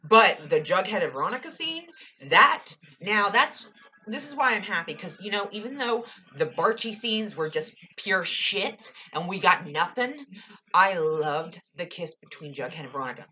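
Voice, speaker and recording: A woman's voice: mid-range voice, lively intonation, normal speed, bright, forceful tone, muffled recording. A young woman casually reviewing a TV episode, gushing and ranting with lots of "like" and swearing.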